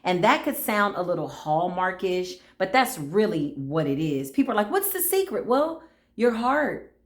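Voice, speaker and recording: A woman's voice: on the low side, unhurried. A middle-aged woman chats about spirit and everyday stories, slipping into other people's voices as she tells them. She talks from a room with a noticeable echo. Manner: animated storytelling, acts out voices, laughs often. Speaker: spiritual reader. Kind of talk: casual spiritual talk. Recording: echoey room.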